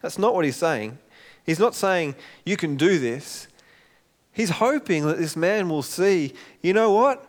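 A man's voice: on the high side, animated, unhurried. A middle-aged man, preaching a sermon in a conversational way and acting out the quotes. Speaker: pastor.

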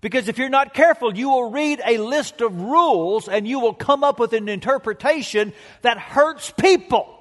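A male pastor preaching a sermon with emphatic delivery and dramatic pauses, telling stories to the congregation. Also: extremely high pitch, expressive, fairly bright tone, long reverb tail.

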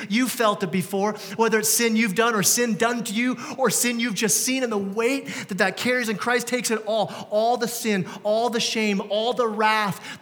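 A man in his thirties, serving as pastor, delivers a sermon with a high-pitched, fairly bright voice. It's a conversational talk full of rhetorical questions directed at the congregation, recorded in a sanctuary with long church-hall reverb.

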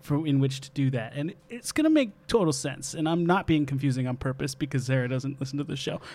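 A man's voice: fairly high pitch, expressive, fast talker, a little mellow. A young man hosting a comedy podcast, rambling and joking, swearing now and then. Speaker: podcast host. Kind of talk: casual comedy podcast chat.

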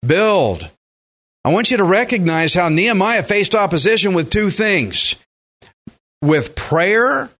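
A man preaching a sermon as pastor, animated and acting out the voices of the people he quotes. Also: high voice.

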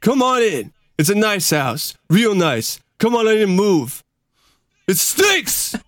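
A man's voice: sits high, wildly swooping pitch, slow, dry recording, clean studio sound, pitched above the performer's own voice, full character voice. A man doing a bitter worn-out Rocky. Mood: bitter, pleading. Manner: loud, raw, rising anguished film-quote delivery. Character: worn-out aging male boxer, bitter and pleading. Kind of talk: movie quote impression.

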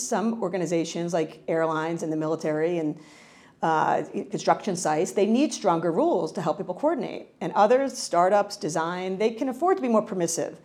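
Animated middle-aged woman researcher. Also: lowish voice. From New York, United States. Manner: animated, frequent self-corrections and restarts. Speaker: cultural psychology researcher. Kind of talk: conversational interview answers.

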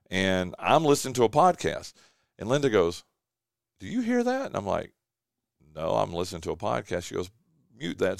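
Man, radio host, rambling casual chat, somewhat low voice, smooth tone. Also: dry recording, clean studio sound. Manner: rambling storyteller, many fillers and restarts. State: recovering from bronchitis. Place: home studio.

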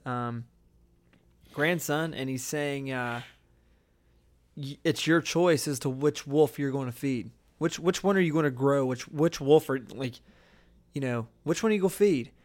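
A man's voice: medium pitch, moderate pace. A young man hosting a casual podcast chat, talking earnestly and rambling, often restarting his thoughts.

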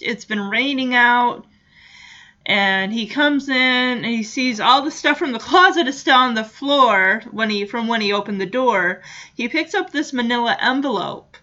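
Chatty bright-voiced woman podcaster. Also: on the high side, muffled recording. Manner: chatty, many "you know" fillers. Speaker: podcast host. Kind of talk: casual episode recap.

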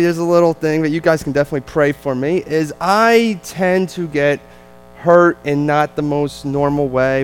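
Lively man with a Jersey accent. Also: fairly high pitch, clear, resonant tone, rough recording. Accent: New Jersey. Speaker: visiting missionary speaker. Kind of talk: storytelling to a church congregation.

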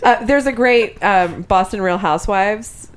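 A woman chats as a podcast guest, telling stories in an easy, loose way. She swears freely and breaks into laughter often. Her voice sits at an ordinary middle pitch. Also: unhurried, clean tone. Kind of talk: casual podcast chat.

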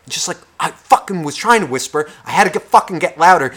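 Brief: young male podcast co-host, slightly high voice, swears constantly, heated rants that drop to whispers and then flare up. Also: lively intonation, quick pace, hardly any pauses. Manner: profane, heated, swings between loud and whispering. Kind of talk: casual podcast rant.

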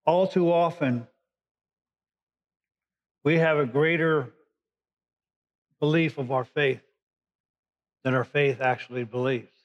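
Male preacher, slightly high voice, casual teaching sermon, dull lo-fi recording. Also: steady tone, takes it slowly, long pauses. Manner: conversational Bible teaching, paraphrasing scripture. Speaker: pastor.

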